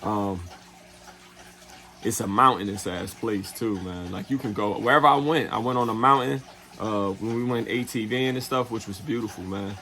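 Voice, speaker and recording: In this casual travel story, the man, a travel vlogger, speaks low with fairly even intonation, sounding pushed and bright over slight background noise. He's loose and swears freely, leans on fillers like "you know what I'm saying," and does quick put-on voices for others' lines.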